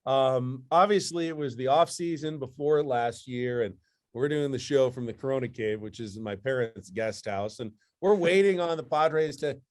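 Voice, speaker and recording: A man who hosts sports radio, telling a story energetically as a podcast guest. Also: normal speed. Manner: energetic storyteller, jumps up in pitch for emphasis. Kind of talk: casual conversation, storytelling.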